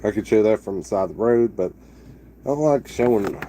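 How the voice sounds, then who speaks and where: A man's voice: lowish voice, fairly quick, dark tone, a little hiss or hum. A man in his thirties from Texas, chatting to camera in a loose, rambling way with many restarts. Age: 30s. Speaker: vlogger. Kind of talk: casual rambling chat to camera.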